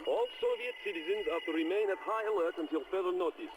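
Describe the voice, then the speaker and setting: A man's voice: sits high, fast, lightly acted. An actor playing a stern male state radio announcer in a video game, with a put-on Russian accent and an official, threatening way of talking. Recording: distant noisy in-game broadcast.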